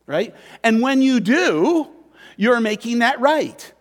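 In a church with long hall reverb, a man with a very high-pitched, very animated voice delivers a conversational sermon at a slow pace. The pastor poses questions to the congregation and acts out quoted voices as dialogue.

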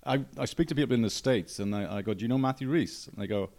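A man's voice: medium pitch, fast talker, darkish tone. A man with a Welsh accent, a filmmaker chatting earnestly about his work and home country. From Wales. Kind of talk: casual chat.

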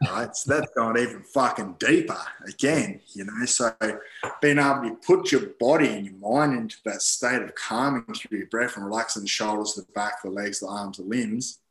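A man's voice: fairly low pitch, normal speed, a bit bright, roomy sound, rough recording. A man, a podcast guest, telling personal stories in casual conversation, rambling with many fillers and frequent swearing, acting out his own past thoughts.

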